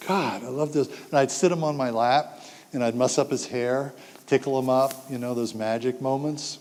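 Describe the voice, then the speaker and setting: A man's voice: medium pitch, moderate pace. A man in his sixties speaking to an audience of parents, telling stories with acted-out quotes and jokes. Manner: animated storytelling, acts out quotes, jokes with the audience. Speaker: speaker giving a talk to parents. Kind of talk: public talk to an audience. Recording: long hall reverb.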